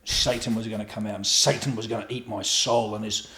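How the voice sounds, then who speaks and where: Brisk, with a voice on the low side, this middle-aged man is a guest on a podcast in a room at his home that has an echo. He gives a candid, profane account of a raw personal story, animatedly playing out what others said.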